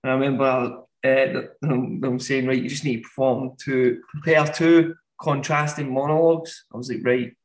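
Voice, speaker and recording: A man, a podcast guest telling animated anecdotes and laughing often. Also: mid-range voice, normal speed, few pauses, low-quality recording. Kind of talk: casual storytelling.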